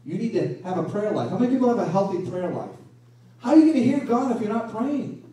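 A man preaching a sermon as pastor, animated and full of rhetorical questions, recorded from a distance in a church hall. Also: high-pitched, fast. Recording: echoey room from a distance.

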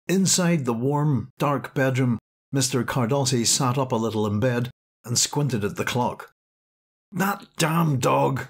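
A man's voice: mid-range voice, slightly rough. A man narrating an audiobook in a dramatic storytelling manner. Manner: dramatic storytelling, acting out cries. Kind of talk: scripted narration.

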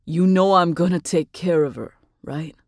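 A woman voicing an earnest, devoted young man in an audiobook, in a plain, even tone. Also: lowish voice, normal speed, no room sound, studio quality, lightly acted. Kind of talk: audiobook character voice.

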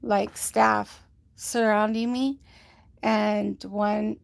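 A woman's voice: mid-range voice, little pitch movement, very slow, vocal fry, dry recording. A woman giving a rambling, casual health update to livestream viewers, often quoting others and using many fillers, a little short of breath. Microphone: phone.

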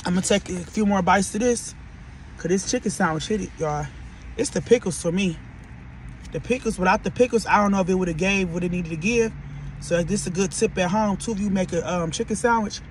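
A man from Detroit with a Detroit accent, chatting casually to viewers while he eats and reviews fast food, often calling them "y'all". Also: high voice, slight background noise. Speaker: podcast host reviewing food.

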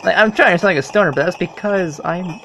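A gamer commenting casually while playing, excitable and swearing, with loud startled outbursts. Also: medium pitch, fast, background noise. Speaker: let's play gamer.

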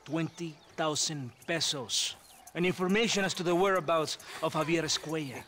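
Smarmy mexican captain, highish voice, hissy game sound. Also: male voice, normal speed, bright, forceful tone. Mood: formal. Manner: oily, ceremonious, chuckling. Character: smooth flattering Mexican army captain. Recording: noisy game audio.

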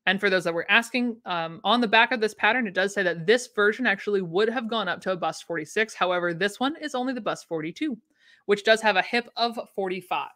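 A woman's voice: mid-range voice, fairly quick, bright, forceful tone. A woman hosting a casual livestream, chatting enthusiastically and answering viewer comments. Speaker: vintage sewing pattern livestream host. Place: home room.

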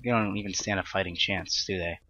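A man's voice: low-pitched, fairly even intonation, a little fast, pushed and bright, dull audio, slight background noise. A young man giving casual, rambling commentary on his own gameplay, self-deprecating and prone to sudden panicked outbursts. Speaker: Let's Play gamer.

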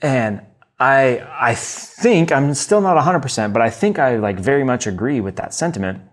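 A man's voice: medium pitch, animated, moderate pace. A man in his thirties from the United States, hosting a podcast and talking enthusiastically through a book review, with many fillers and restarts. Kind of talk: casual solo book review.

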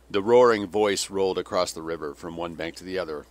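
A man narrating an audiobook in a measured storytelling manner. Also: low voice, dry recording.

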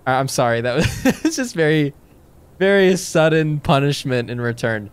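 A man playing a horror game and talking to his viewers. He reads the game text in a hushed voice, then breaks into sudden panicked yelps and nervous jokes. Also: a little high, animated, normal speed, clear, resonant tone. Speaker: gaming streamer.

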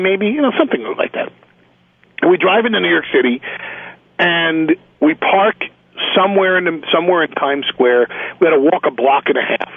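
Man on a phone line, animated storytelling, gravelly voice, stammering restarts. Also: fairly high pitch, no room sound. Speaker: guest telling stories by phone. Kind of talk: casual phone interview anecdote. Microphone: telephone.

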